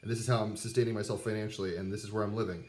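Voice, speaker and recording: Somewhere abroad with dogs nearby, a tarot reader in his thirties gives a casual pep talk that rambles with fillers and asides. His voice is lowish and darkish, steady in tone, delivered rapid-fire.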